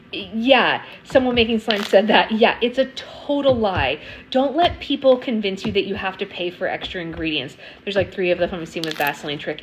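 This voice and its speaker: On a casual live stream, a slime livestream host chats with viewers and answers their comments, saying "um" a lot. Her voice is medium in pitch, and the audio is poor with slight background noise.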